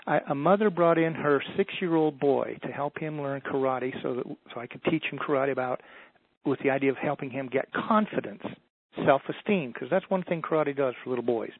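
A man telling stories as a motivational speaker in a radio interview, in a folksy, animated way. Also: mid-range voice, brisk, slightly rough, no room sound. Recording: dry, tinny phone line.

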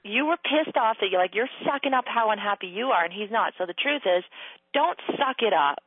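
A woman hosting a casual coaching conversation, giving blunt advice, swearing freely and acting out quotes in a high playful voice. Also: animated, a little fast, husky, no echo. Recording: tinny phone-line sound.

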